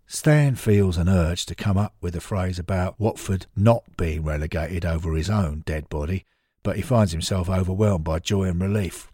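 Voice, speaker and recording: A man narrating a story in an expressive, dramatic scripted manner. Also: low voice, moderate pace, slightly rough, dry recording, studio quality.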